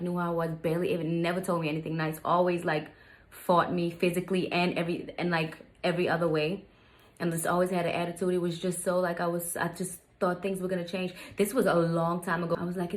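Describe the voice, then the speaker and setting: A young adult woman telling a personal story to her viewers, candid and venting, often calling them "you guys". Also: lowish voice. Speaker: vlogger.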